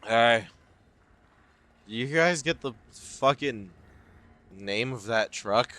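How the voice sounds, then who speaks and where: A man's voice: mid-range voice, lively intonation, slow pace, bright, forceful tone. A man giving casual, joking and profane commentary as he plays a horror game, talking to his viewers. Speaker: let's play host.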